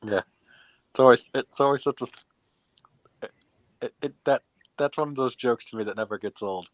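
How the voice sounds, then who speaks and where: A man chats casually on a live stream, teasing his guest and restarting his sentences. His voice sits at a middle pitch. The sound is dry and close to the mic. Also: no echo, poor audio. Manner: teasing, halting, repeats words.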